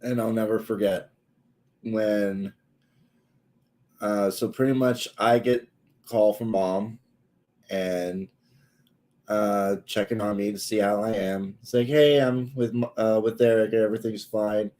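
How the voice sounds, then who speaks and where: A man in his twenties telling a story on a casual livestream, halting and full of pauses and filler words. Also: fairly low pitch, steady tone, a little mellow, rough recording. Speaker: streamer.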